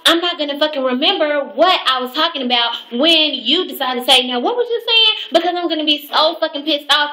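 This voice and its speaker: A young woman with a drawl rants to her camera, swearing freely and sounding fed up. Her voice is bright and sharp, pitched a bit high. The room around her rings with echo. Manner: profane, exasperated ranting. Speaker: vlogger. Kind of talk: ranting casual vlog. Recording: echoey room.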